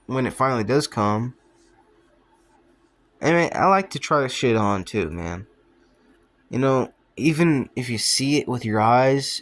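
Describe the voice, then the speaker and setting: A young man talking to his viewers in a loose, rambling monologue, his voice sitting a little low. He drifts from thought to thought, trails off mid-sentence and leans on fillers and swearing. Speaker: vlogger.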